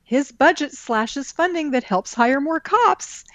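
A woman with a fairly high voice co-hosts a relaxed political chat. She reads tweets and news items aloud and breaks in with laughing asides. The sound is dry and close. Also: unhurried, no room sound. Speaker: co-host.

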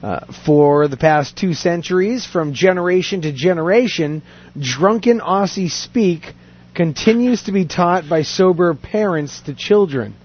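A man with a fairly high voice reads a story aloud in a relaxed chat. He pads his reading with fillers and quick asides. The recording sounds dull and lo-fi. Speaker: podcast host reading a news story. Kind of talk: casual chat.

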